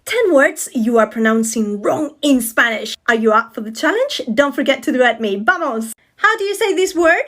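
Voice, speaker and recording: A woman's voice: high-pitched, expressive, moderate pace, fairly bright tone. A woman giving a short pronunciation lesson, correcting words in an emphatic, playful way. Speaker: Spanish teacher.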